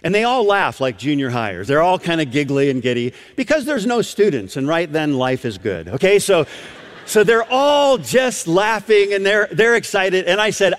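A man's voice: sits high, normal speed, in a large hall. A man preaching, telling a story to a crowd and acting out the quotes. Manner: animated, acts out quotes. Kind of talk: sermon storytelling.

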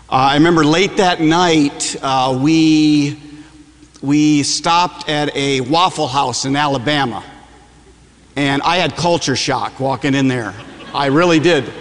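A man's voice: mid-range voice, in a large hall. A man from Michigan preaching a sermon, telling stories in a conversational, joking way. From Michigan, USA. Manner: conversational, self-deprecating humor, frequent "uh"s. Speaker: campus preacher. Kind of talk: sermon with personal storytelling.

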